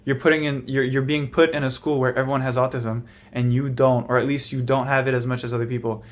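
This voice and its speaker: A young man talks to camera in a loose, rambling personal monologue, speaking frankly and stopping often to restart his thoughts. His voice sits at an ordinary, middling pitch for a man. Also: little pitch movement, quick pace. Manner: rambling, frank, full of fillers. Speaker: vlogger.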